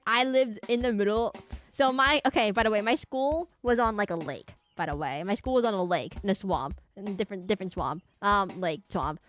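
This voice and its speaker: A woman's voice: medium pitch, expressive, a little fast, a bit bright, soft background music. A young adult woman casually commenting while streaming a game, chatty and jokey, laughing often.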